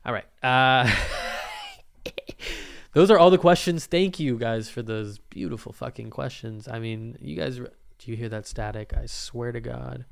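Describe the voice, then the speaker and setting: A man's voice: mid-range voice, unhurried, creaky, clean tone. A young man hosting his own podcast, rambling casually and swearing freely as he talks into a microphone. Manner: rambling, profane and laid-back, often laughing. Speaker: podcast host. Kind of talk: casual solo podcast monologue.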